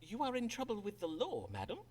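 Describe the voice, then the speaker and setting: An actor playing a pompous Elizabethan doctor and astrologer who speaks in archaic, courtly English. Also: male voice, high-pitched, wildly swooping pitch, a little fast, a little mellow, slightly rough, heavily acted. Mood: courteous.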